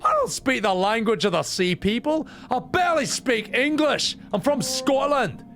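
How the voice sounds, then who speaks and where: Play as a man voicing a sarcastic young diver, pitched up and incredulous over the music. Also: animated, normal speed. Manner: raised, higher, incredulous. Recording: game music under voice.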